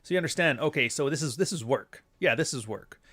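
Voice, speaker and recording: A man's voice: expressive, quick pace, bright, forceful tone. A middle-aged man with a Canadian accent and a nasal voice, talking bluntly and crudely in a casual podcast monologue. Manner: blunt, crude and sardonic, with sudden high-pitched outbursts. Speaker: podcast host.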